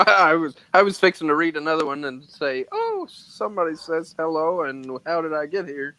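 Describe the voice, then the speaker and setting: Bright-voiced co-host teasing. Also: male voice, fairly high pitch, sing-song, moderate pace. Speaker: co-host reading the chat. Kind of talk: casual live stream chat.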